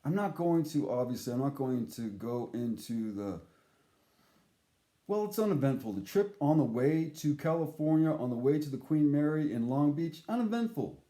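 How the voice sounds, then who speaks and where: A man telling a story in a casual monologue, animated and profane, acting out the voices he quotes. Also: fairly high pitch, moderate pace, reverberant.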